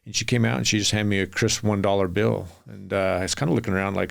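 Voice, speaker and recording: A man's voice: fairly low pitch, steady tone, a little fast, gravelly. A middle-aged man from Utah, a podcast guest telling long rambling anecdotes and acting out the people in them. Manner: rambling anecdotal storyteller, acts out quotes. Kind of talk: storytelling in a podcast interview.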